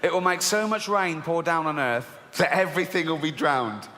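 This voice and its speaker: A man's voice: normal speed, sharp tone, big-room sound. A man doing stand-up comedy, reading a children's Bible aloud with sardonic, sweary asides. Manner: sardonic, sweary asides, jumps to high squeaky outrage. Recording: live show, audience laughter and crowd noise.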